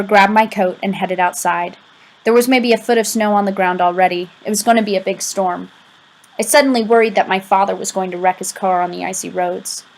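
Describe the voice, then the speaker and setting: A woman's voice: mid-range voice, poor audio. A woman reading a first-person audiobook, telling the story expressively and voicing emotional quoted lines. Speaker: audiobook narrator.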